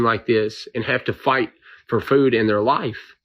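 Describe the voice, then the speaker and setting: A man's voice: medium pitch, steady tone, measured pace, fairly bright tone, dull audio. Emotional man, pleading rant. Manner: frustrated, pleading, repeats himself. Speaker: volunteer with drones and trucks. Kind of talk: impassioned video rant.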